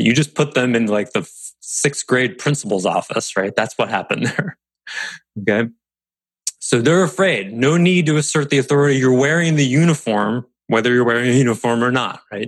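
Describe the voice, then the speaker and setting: A man giving a casual instructional talk as a business coach, explaining in a relaxed, conversational way and acting out little bits of quoted dialogue. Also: mid-range voice, no room sound.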